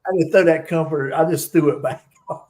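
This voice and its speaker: A man's voice: on the high side, steady tone, a little fast, darkish tone. A man chatting casually on a live stream, laughing often and repeating himself. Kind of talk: casual chat.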